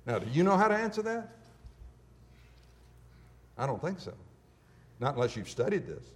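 A man's voice: fairly high pitch, sing-song, moderate pace. Emphatic male lecturer in a reverberant hall. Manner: emphatic, rhetorical questions. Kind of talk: classroom lecture.

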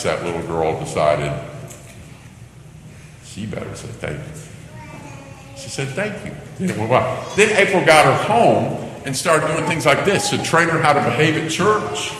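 Older male preacher in an echoey hall. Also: on the low side. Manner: animated storytelling, acting out children's cries. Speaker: pastor. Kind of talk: sermon. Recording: echoey hall, faint background noise.

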